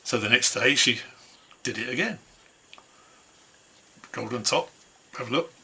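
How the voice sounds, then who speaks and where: Husky male folk storyteller. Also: mid-range voice, unhurried, pushed and bright. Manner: easygoing, conversational telling. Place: home, online concert.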